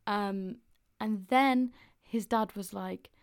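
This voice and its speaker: A woman's voice: mid-range voice, takes it slowly, smooth, no room sound, clean studio sound. A young woman hosting a podcast, telling stories in a chatty, giggly way and swearing freely. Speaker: podcast host. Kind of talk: casual podcast storytelling.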